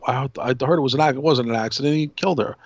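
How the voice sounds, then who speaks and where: Gravelly, rambling male podcast host. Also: medium pitch, racing, dry recording, dull audio. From New York. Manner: rambling, animated, many restarts. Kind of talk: casual storytelling chat.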